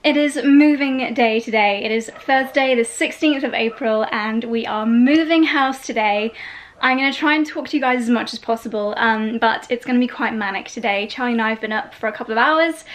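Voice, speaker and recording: A woman's voice: a little high, brisk, a bit bright. A young woman chatting to camera in a lifestyle vlog, bubbly and out of breath from carrying boxes around a house. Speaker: lifestyle vlogger. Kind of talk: casual vlog chat to camera. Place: house during a move.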